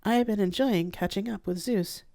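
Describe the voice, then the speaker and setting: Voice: mid-range voice, normal speed, vocal fry, warm tone, no echo, clean studio sound, pitched above the performer's own voice, lightly acted. The reader voicing a shy, polite female starship AI who speaks formally in an audiobook. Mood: gentle.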